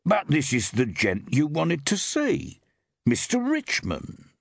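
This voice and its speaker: A man voicing an excitable, suspicious innkeeper. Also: medium pitch, moderate pace, slightly rough, dry recording, clean studio sound, voice pushed up. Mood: puzzled, protesting. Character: puzzled, pushy male country innkeeper.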